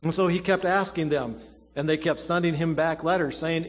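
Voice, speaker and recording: A preacher delivers a sermon with dramatic swings, booming on some phrases and falling almost to a whisper on others, leaning hard on key words. His voice sits somewhat high for a man. A long reverb from the church hall trails each line. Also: fairly even intonation. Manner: dramatic preaching, swells loud then drops to a hush, slow emphatic stresses.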